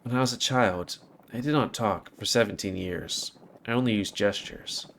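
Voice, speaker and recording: A man's voice: fairly low pitch, moderate pace, creaky, fairly bright tone, slight background noise. A man voicing a stern male animal-person tribesman who speaks in clipped, formal, blunt sentences.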